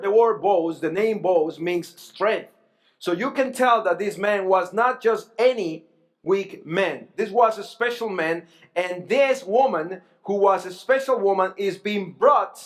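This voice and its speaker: A middle-aged male pastor, preaching a sermon earnestly, repeating phrases and asking rhetorical questions. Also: high-pitched.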